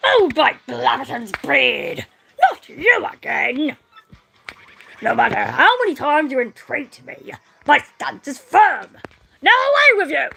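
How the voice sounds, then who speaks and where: A woman voicing a gruff old male bomb-creature sailor with loud, theatrical exclamations, reading game dialogue. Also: sits high, sing-song, takes it slowly, pitched above the performer's own voice, heavily acted. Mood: indignant.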